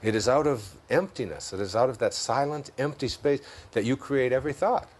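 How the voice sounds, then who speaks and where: A man with a Detroit accent, a guest in an interview, speaking in an unhurried, musing way and chuckling at his own jokes. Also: mid-range voice. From Detroit, United States. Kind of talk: reflective interview talk.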